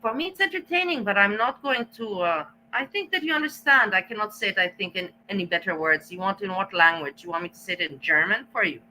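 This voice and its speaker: A woman's voice: mid-range voice, expressive, sharp tone, slight background noise, rough recording. A woman vlogger ranting to her camera, blunt and defiant, cursing often and stalling as she hunts for words. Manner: halting, searches for words. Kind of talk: casual rant to camera.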